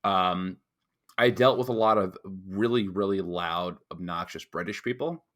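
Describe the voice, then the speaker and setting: A man's voice: sits low, unhurried, a bit bright. A man from the United States co-hosting a podcast, chatting casually in a rambling, crude way. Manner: rambling, crude, full of restarts. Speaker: podcast co-host. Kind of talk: casual chat.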